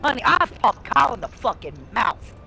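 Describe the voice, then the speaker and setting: A woman streamer tells a story on her live stream in a blunt, heavily profane way. Her voice sits fairly high with a gravelly edge. Faint music plays behind her. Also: sing-song, normal speed, sharp tone, poor audio. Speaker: livestreamer.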